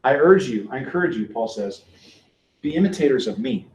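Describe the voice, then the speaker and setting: A man giving a church teaching lecture in a conversational, animated way, acting out the quotes he tells. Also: medium pitch, fairly quick. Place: lecture room with a live audience. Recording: echoey room.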